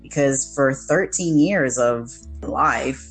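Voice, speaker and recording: A woman podcast co-host telling a personal story in an earnest, reflective way, slowing down to stress key words. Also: rumbling low, husky, faint music behind, poor audio. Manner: earnest, reflective, with slowed emphasis.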